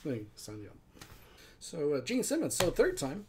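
Animated man telling stories. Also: on the high side, a little fast, crowd noise. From Toronto, Canada. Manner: animated anecdotes, acts out quotes. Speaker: podcast guest. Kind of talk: casual storytelling chat.

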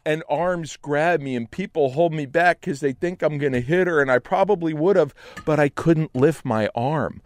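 Animated male storyteller, dry sound. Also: a little high, normal speed, hardly any pauses, dry recording. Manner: animated, shifts between hushed and shouting. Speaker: storyteller guest. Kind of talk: dramatic storytelling. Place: Los Angeles.

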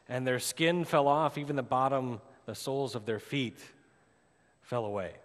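Preacher man in a reverberant church. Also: a bit bright. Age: adult with a daughter. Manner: storytelling preacher, rising for drama, dropping low for emphasis. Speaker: pastor. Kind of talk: sermon. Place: church sanctuary. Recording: long church hall reverb.

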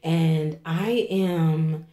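Her voice sits low with a dark tone, drawn-out words, and fairly even intonation, heard in a reverberant space. This forties-aged vlogger has been crying and rambles emotionally to her viewers, often tossing in "okay?" and "you know?".

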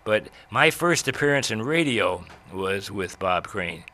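An older man, a radio veteran, telling old stories in a rambling way with many pauses and restarts. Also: lowish voice, lively intonation, sharp tone. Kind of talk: reminiscing talk.

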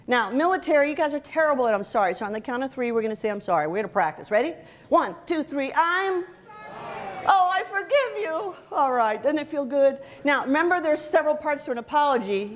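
A middle-aged woman giving a humorous workshop talk to soldiers, joking and drawing the audience in. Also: a little high. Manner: lively, joking, audience-engaging. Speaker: motivational speaker. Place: event hall before a live audience.

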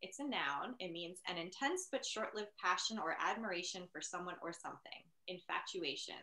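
Giggly bright-voiced woman judging a spelling bee, lively, echoey room. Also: lowish voice, moderate pace. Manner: giggly, animated storyteller. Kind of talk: casual comedic hosting.

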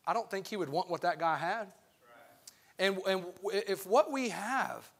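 A man's voice: high voice, a bit bright. A young man, preaching earnestly as a guest youth pastor, casual and full of restarts. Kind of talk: sermon.

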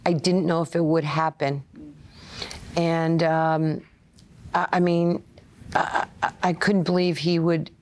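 A woman tells stories in an interview, in a fairly low voice. She is an animated storyteller who acts out the voices of the people in her stories. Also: slow. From Brooklyn, New York. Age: 60s. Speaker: interview guest, former player and coach. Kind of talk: conversational storytelling.

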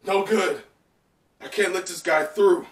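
A man reading out the lines of a brash male cyborg pirate, a bit louder and higher than his own talk. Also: a little slow, far from the mic. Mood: determined. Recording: roomy sound from off mic.

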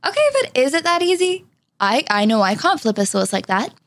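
A young woman streamer reacting to meme clips in animated casual commentary, gasping and exclaiming. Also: high-pitched, brisk. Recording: loud background noise, mic clicks.

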